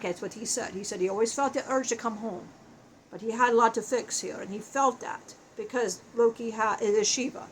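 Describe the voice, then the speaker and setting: A woman telling an emotional spiritual life story in a halting way, often breaking off and restarting her sentences. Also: mid-range voice, slight background noise, rough recording. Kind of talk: channeled personal storytelling.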